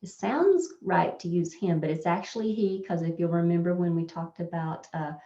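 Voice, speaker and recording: A woman's voice: on the low side, normal speed, mellow. A woman teaching a test prep grammar lesson, explaining over slides in a plain, patient way and thinking aloud with fillers. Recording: echoey, dull lo-fi room recording.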